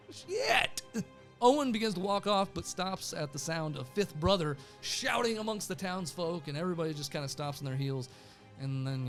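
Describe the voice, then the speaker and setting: A man's voice: mid-range voice, vocal fry. A young adult man casually recapping a show episode, rambling with fillers and laughing often. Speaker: show reviewer.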